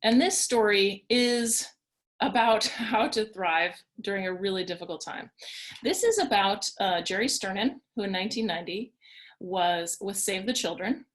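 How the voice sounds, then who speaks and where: A woman leads an online workshop from home, speaking through a computer mic on a video call. Her voice sits at an ordinary middle pitch for a woman. She tells stories in an upbeat, conversational way. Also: normal speed. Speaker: workshop presenter. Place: home in Washington, D.C.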